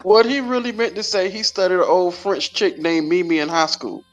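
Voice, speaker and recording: A man's voice: high voice, fairly even intonation, moderate pace, soft background music. A man on a casual podcast teasing the host and laughing as he talks. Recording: dull lo-fi sound.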